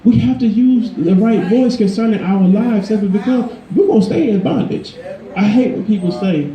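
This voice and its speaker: A man preaching a sermon in a conversational, emphatic way, his voice climbing higher when he drives a point home. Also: expressive, moderate pace, echoey room, highs cut off. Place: church.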